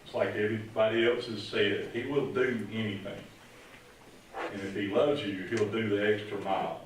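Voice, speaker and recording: At a retirement ceremony in a large room, a retired police officer in middle age tells a rambling, folksy story as his tribute speech. His fairly low voice holds a steady tone at a moderate pace, and the recording is echoey, with him far from the mic and slight background noise.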